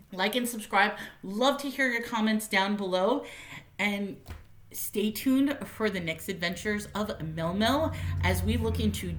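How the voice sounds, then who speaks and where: A woman's voice: fairly high pitch, roomy sound. A woman giving a casual, chatty spoken movie review, often laughing and using lots of fillers.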